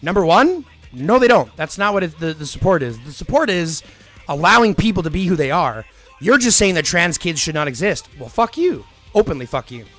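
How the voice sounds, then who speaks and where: A man's voice: on the high side, sing-song, brisk, a bit bright, faint music behind. A man live-streaming who answers viewer comments in a blunt, profane, argumentative way.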